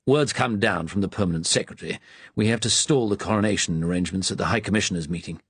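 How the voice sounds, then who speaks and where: A man's voice: deep voice, fast talker, a bit bright, breathy edge, no echo, full character voice. A man voicing a smug, self-important senior official who speaks in a dry, confiding way. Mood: knowing.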